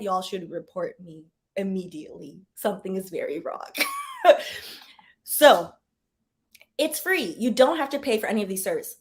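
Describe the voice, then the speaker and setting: A woman with a mid-range voice talks through money advice in a loose, chatty way. She is candid and pokes fun at herself, repeats key words for emphasis and makes quick asides to her viewers. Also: medium pitch. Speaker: former lawyer and channel host. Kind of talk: casual personal-finance advice chat.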